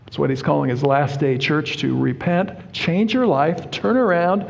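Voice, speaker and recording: A man preaching a sermon, explaining Bible verses word by word in a deliberate, emphatic way. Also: a little high, creaky, dull audio. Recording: reverberant hall.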